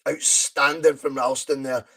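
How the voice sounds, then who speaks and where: A man's voice: mid-range voice, level tone, measured pace, creaky, pushed and bright. A Scottish man hosting a live football watch-along podcast, chatting in a rambling way and reading viewer comments aloud. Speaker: podcast host.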